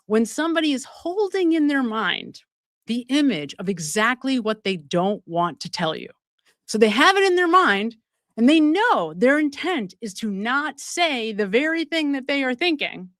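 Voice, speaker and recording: A woman hosting a true-crime commentary stream, her fairly high voice swinging widely in pitch as she presses her points. She keeps turning to viewers with rhetorical questions, and the sound is close and dry. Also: sing-song, normal speed, a bit bright, no room sound. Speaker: show host.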